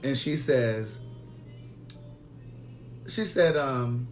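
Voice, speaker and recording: A man from the Baltimore area hosting a casual live chat, telling stories loudly with animated energy. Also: fairly high pitch, takes it slowly, pauses often, faint music behind. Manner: loud, animated storytelling. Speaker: host.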